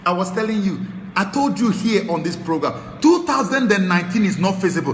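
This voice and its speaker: A Nigerian man hosting a talk show, giving impassioned political commentary that swings from low muttering to shouted tirades. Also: expressive, fairly quick, roomy sound, big-room sound, a faint crowd, a little hiss or hum. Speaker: show host.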